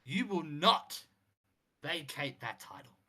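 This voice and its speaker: A smug older wrestling boss lays down the law in a commanding voice, as a man puts him on. The voice is pitched up, bright and lively. It rises and falls a lot from line to line. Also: takes it slowly, full character voice.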